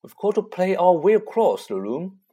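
A man's voice: high-pitched, big pitch swings, normal speed, dark tone, husky, voice pushed up, heavily acted. Guy voicing a kid who knows his chess, bossy and keen, storybook read aloud. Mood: assured. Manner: eager, takes charge. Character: eleven-year-old boy, confident chess strategist.

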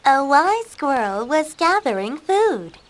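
A woman narrating a children's storybook with a slow, clear, expressive delivery. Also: high-pitched.

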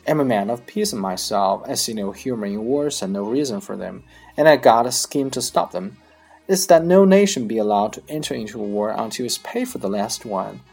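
A man whose first language is Chinese, reading a comic monologue aloud in English with a lively storytelling delivery. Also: lowish voice, brisk, vocal fry, husky, faint music behind. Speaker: English learner practicing accents.

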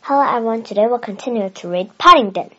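A woman with a Chinese first language reading a children's novel aloud in a careful, expressive way. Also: fairly high pitch, fast talker, over music. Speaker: storybook reader. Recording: dull lo-fi recording.

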